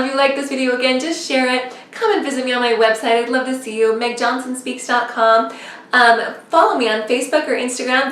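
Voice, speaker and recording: A young woman vlogging to camera in a rambling, chatty way with many fillers. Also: high-pitched. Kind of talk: casual chat to camera. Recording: echoey room, mic at a distance.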